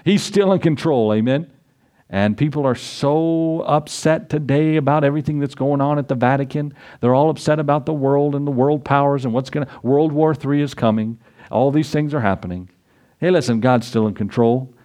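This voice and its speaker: A man preaching a sermon as pastor, folksy and animated, reading scripture and acting out voices with chuckles. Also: medium pitch, moderate pace.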